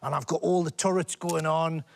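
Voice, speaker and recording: An English man with a fairly high voice and some vocal fry spins a rambling, comic tale at a moderate pace on a TV panel show. Before a studio audience, he stays animated, laughing as he talks.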